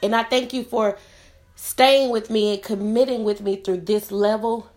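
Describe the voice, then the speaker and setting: With a darkish tone and fairly even intonation, a podcast host in her thirties speaks unhurriedly, her voice at an ordinary middle pitch for a woman. In this motivational solo talk she addresses listeners directly, earnest and sincere in her encouragement, and tearful at times.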